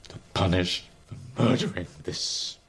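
Brief: cold gang boss, heavy old New York accent, very deep and husky, theatrical taunting delivery. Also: male voice, animated, measured pace, full character voice. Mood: menacing. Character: menacing gang boss, grown man, cold and commanding.

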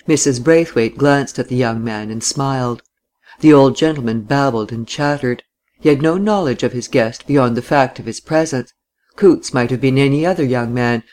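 Man narrating a novel, measured. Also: medium pitch, a little mellow.

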